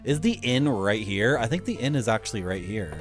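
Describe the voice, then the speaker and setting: A man's voice: fairly low pitch, sing-song, a little fast, soft background music. A man streaming a video game and chatting casually, with wry asides to his viewers. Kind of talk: casual gameplay commentary.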